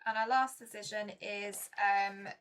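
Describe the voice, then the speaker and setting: A woman's voice: mid-range voice, steady tone, measured pace, fairly bright tone, smooth. A woman chatting casually to her viewers while playing a board game, chatty and self-mocking.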